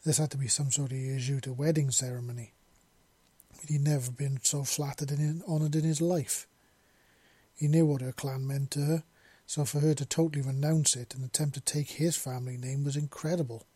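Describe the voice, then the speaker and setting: Husky man reading a story. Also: mid-range voice, normal speed, dry recording. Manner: steady reading with small slips and restarts. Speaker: narrator. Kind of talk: amateur fiction reading.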